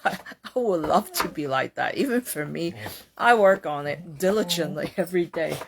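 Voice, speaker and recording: Woman host, casual self-help talk, keeps tagging "okay?" and "right?", jumps into a higher voice when acting out what people say. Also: expressive, moderate pace, vocal fry, background noise. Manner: tags sentences with "okay?" and "right?"; acts out quoted reactions in a higher voice.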